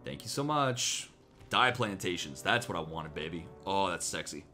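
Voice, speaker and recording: A man giving casual gameplay commentary, excitable and jokey, with sudden swearing outbursts. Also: deep voice, moderate pace, over loud music. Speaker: gameplay streamer.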